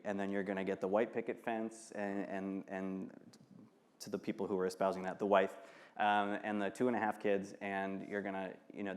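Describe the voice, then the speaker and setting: A man in his thirties from Michigan, speaking candidly and earnestly onstage, often pausing and restarting and laughing between thoughts. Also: lowish voice. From Michigan, United States. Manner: earnest, halting, quick to laugh. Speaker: author and guest. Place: festival stage.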